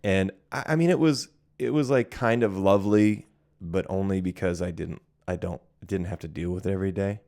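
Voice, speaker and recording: A man's voice: low-pitched, a little fast, creaky, darkish tone. A man co-hosting a comedy podcast, chatting casually and rambling into self-mocking jokes about his stand-up sets. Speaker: podcast co-host, stand-up comic.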